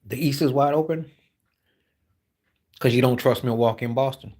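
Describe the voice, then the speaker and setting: A man's voice: mid-range voice, normal speed, a little mellow. Blunt skeptical man streaming on a phone. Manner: blunt, skeptical, rhetorical questions, frequent throat clearing. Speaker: live stream host. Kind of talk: casual basketball opinion talk. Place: walking while streaming.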